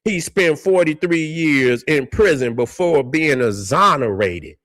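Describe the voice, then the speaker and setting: A man with a somewhat high, expressive and slightly bright voice hosts a commentary vlog without hurrying. He rants heatedly, curses frequently, trips over words, and reads case histories between outbursts.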